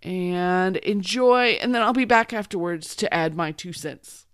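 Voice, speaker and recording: Relaxed show host, slow delivery, smooth dry voice. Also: medium pitch, no room sound. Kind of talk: casual show intro.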